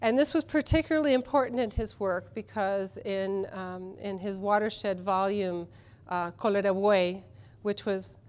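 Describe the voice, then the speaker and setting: A woman's voice: medium pitch, measured pace, a little mellow, slight background noise. A woman who translates literature, speaking at a conference panel in a chatty, enthusiastic way with many ums and restarts. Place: conference session room.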